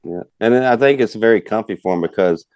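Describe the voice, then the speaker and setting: A fast-talking guest hunter with a lowish, darkish, clear, resonant voice rambles through a long hunting yarn. The folksy storytelling is full of "you know" fillers, captured close and dry without room sound.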